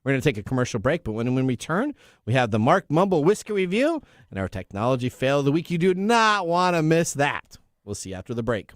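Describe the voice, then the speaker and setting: A man's voice: medium pitch, very animated, fast talker, dry recording, studio quality. A man hosting a tech radio show, chatty, jokey and upbeat in casual banter. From US Pacific Northwest.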